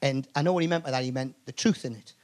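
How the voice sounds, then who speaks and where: A man with a Geordie accent, a comedian guest telling stories on a live podcast, animated and swearing, stumbling over restarts. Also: medium pitch, racing, a little hiss or hum. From north-east England. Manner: animated storyteller, frequent stammered restarts, swears. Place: comedy club stage.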